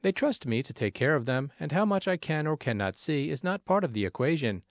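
A man reads his own essay aloud, measured and plainspoken. His pitch rises and falls freely from phrase to phrase, and the recording is dry and close with almost no room sound. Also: sing-song, no room sound. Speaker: narrator. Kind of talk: reading a personal essay aloud.

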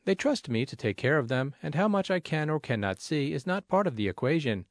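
Male reader for a first-person essay: earnest, gently humorous, animated pitch, dry close sound. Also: fairly quick, no echo. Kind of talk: reading a personal essay aloud.

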